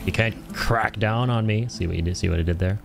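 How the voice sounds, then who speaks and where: A man's voice: lowish voice, fairly quick, creaky. A man streaming a video game, joking and swearing in casual commentary and slipping in Hindi phrases. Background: game music.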